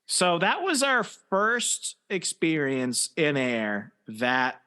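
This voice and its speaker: A man's voice: a little high, huge pitch swings, drawn-out words, pushed and bright, clear, resonant tone. A man hosting a casual podcast chat, telling stories in a rambling way with lots of fillers and restarts. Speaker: podcast host.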